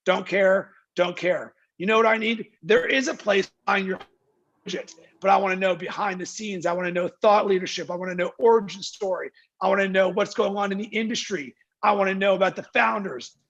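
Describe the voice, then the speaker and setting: A muffled video-call recording captures a high, gravelly, slightly bright male voice going a little fast. The speaker, a marketing agency founder being interviewed, is energetic and emphatic, firing rhetorical questions and mimicking what clients say.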